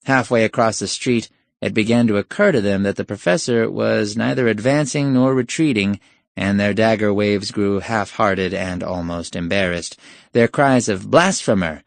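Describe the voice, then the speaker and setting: A man's voice: on the low side, normal speed, creaky, no echo. A man reading an urban fantasy short story aloud in a wry, sardonic storytelling style. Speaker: audiobook narrator. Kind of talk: scripted narration.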